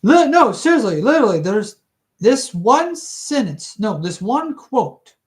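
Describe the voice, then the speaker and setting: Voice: medium pitch, very animated, measured pace, low-quality recording. A hobby book reader narrating casually, breaking off into giggly, rambling, self-correcting asides. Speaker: audiobook reader.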